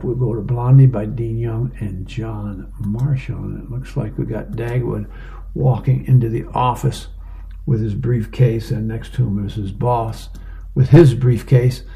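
Gravelly man reading the comics aloud. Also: fairly low pitch, warm tone. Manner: plain reading with fillers, describing panels. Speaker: reader of advice columns and comics.

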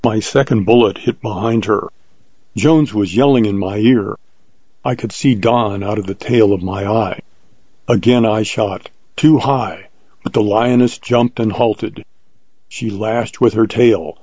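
A man reading an adventure story aloud in a measured, vivid way, on a dull lo-fi recording. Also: fairly low pitch, steady tone, a little mellow, slightly rough, no room sound. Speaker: narrator. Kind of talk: scripted narration of an adventure story.

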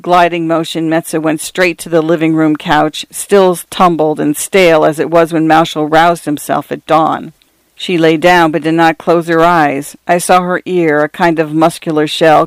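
A man reading a literary short story aloud, measured and expressive. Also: fairly high pitch, clear, resonant tone, no room sound. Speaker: reader.

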